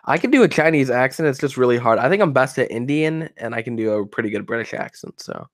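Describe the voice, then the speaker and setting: A young man with an American accent rambles through stories on a livestream call and keeps laughing at his own tales. His voice sits at an ordinary middle pitch. It is a dry, close recording with no room sound. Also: lively intonation, quick pace, no room sound. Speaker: livestream guest. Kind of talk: casual chat over a voice call.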